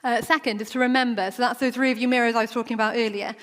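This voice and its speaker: Woman, preacher, conversational sermon, higher voice, long church reverb. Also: fairly even intonation, rapid-fire. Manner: conversational, acts out quoted voices.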